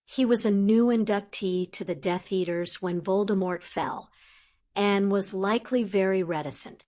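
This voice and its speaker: A woman reading an audiobook, voicing a calm, wise old male headmaster in a grave, deliberate way. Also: mid-range voice, lightly acted. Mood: measured. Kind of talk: audiobook character voice.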